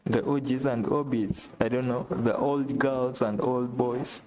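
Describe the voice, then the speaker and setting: Slow, despairing man. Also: mid-range voice, steady tone, a little mellow. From Uganda. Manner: despairing, repetitive lament addressed to God. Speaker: vlogger. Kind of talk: live-stream monologue. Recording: noisy background with clicks.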